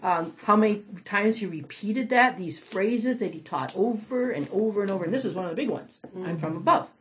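A woman leading a small-group Bible study, reading scripture aloud and commenting with animated, dramatic emphasis. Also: medium pitch, brisk, slight background noise. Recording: dull lo-fi recording.

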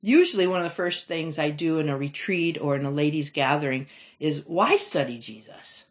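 A woman's voice: deep voice, brisk. A woman teaching a Bible study lesson, explaining scripture and reading verses aloud with emphasis. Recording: slightly dull lo-fi recording.

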